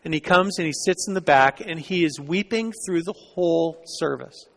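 A male preacher with a slightly high voice, preaching in a church sanctuary. He tells a story and often drops to a hushed tone. A long reverb hangs on every word. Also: normal speed, creaky. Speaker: pastor. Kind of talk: sermon.

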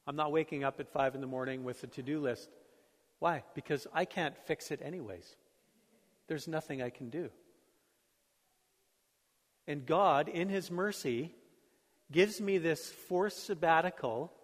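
A middle-aged male pastor preaching a sermon in a conversational, storytelling way, self-deprecating about his own life. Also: on the high side. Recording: long hall reverb.

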